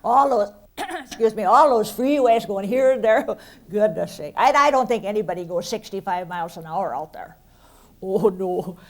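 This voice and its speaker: A woman's voice: mid-range voice, normal speed. Chatty older Midwestern woman comic. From Minnesota. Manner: chatty, homespun, deadpan punchlines. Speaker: comedian. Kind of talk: folksy stand-up storytelling. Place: stage of a performing arts center.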